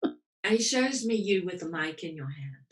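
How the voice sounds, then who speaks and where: A woman's voice: on the low side, moderate pace, reverberant, recorded from a distance. A woman medium giving readings and teaching in a live online class, laughing easily and quoting spirit messages with feeling. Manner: warm, laughing, emotional, quotes spirits in lively voices. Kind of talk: live reading and Q&A on a video call.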